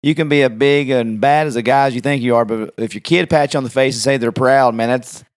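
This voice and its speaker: A middle-aged man hosting a podcast, talking in a relaxed, chatty way. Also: medium pitch, brisk, a little hiss or hum. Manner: relaxed, chatty, many fillers. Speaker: podcast host. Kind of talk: casual podcast conversation.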